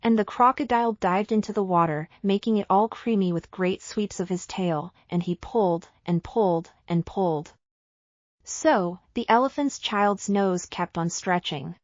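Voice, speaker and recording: A woman's voice: medium pitch, dry recording, highs cut off. Woman reading a storybook for learners. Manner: slow, careful storytelling. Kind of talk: graded reader narration for English learners.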